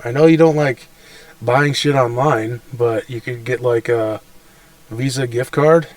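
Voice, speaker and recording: A man co-hosting a podcast in casual chat, speaking haltingly with many hesitations. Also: mid-range voice, no room sound, recorded from a distance. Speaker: podcast co-host.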